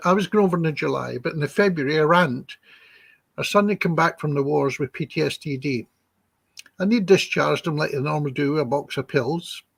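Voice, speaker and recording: A slightly high, husky male voice, recounting personal stories to an interviewer. He is chatty and acts out each quoted line of dialogue, and the sound is close and dry. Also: no echo. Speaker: psychic healer guest. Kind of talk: anecdotal storytelling in an interview.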